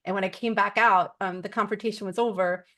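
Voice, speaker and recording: A woman's voice: medium pitch, steady tone, quick pace, a bit bright. A woman sharing spiritual experiences in a casual group conversation, rambling earnestly with many "like" fillers. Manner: rambling, heavy use of "like" fillers. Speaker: support group member.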